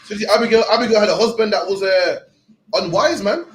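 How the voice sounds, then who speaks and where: A man's voice: sits high, fast, a little hiss or hum, poor audio. A young man leading a scripture class in a loose, blunt, slang-heavy teaching style. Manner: streetwise, blunt, peppered with slang.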